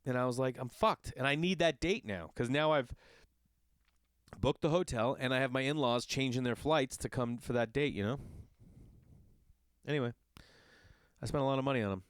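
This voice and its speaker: A man who is a father, hosting a podcast and telling a long casual story in an animated, exasperated and profane way. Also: medium pitch, normal speed, long pauses, clean tone, dry recording. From Los Angeles area. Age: adult with children. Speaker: podcast host.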